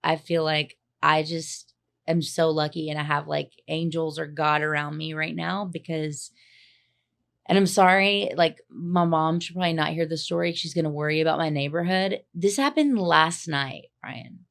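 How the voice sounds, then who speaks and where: A woman's voice: low-pitched, normal speed, creaky, a bit bright. A young woman co-hosting a podcast, telling a story in casual chat and acting out the other people's voices, laughing often. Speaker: podcast co-host.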